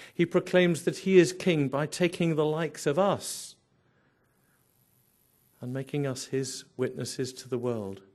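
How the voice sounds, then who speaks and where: A man's voice: medium pitch, a little mellow. A man preaching a sermon, emphatic, building through repeated phrases and rhetorical questions.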